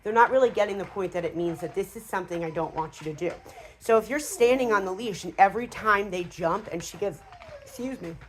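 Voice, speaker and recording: A woman dog trainer talking casually through a hands-on training demonstration, with fillers and quick asides to the dog. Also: medium pitch, slight background noise.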